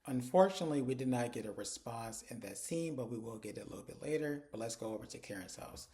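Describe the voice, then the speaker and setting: A man's voice: mid-range voice, lively intonation, quick pace, mellow. Chatty man recapping a TV episode. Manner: chatty, conversational. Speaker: TV episode reviewer. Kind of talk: casual recap.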